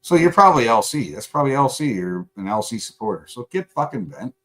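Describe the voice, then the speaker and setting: A man's voice: mid-range voice, very animated, quick pace. A man hosting a live stream, angrily and profanely confronting a chat commenter, sarcastic and combative. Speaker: livestream host.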